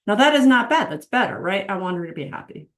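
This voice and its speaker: Speaking quickly at a medium pitch with an expressive delivery, a middle-aged woman teaches casually and earnestly about faith and marriage, performing the voices of those she quotes and repeating herself to drive points home.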